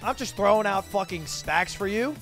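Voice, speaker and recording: A man's voice: sits high, expressive, moderate pace, fairly bright tone. A man in his twenties streaming, chatting casually with viewers, reading their messages aloud and answering with profane, sarcastic jokes. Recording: faint music behind.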